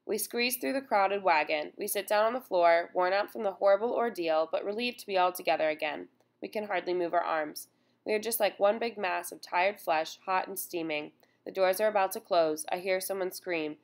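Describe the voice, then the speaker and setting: A woman reading a first-person memoir aloud in a solemn, measured way. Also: mid-range voice. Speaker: audiobook narrator.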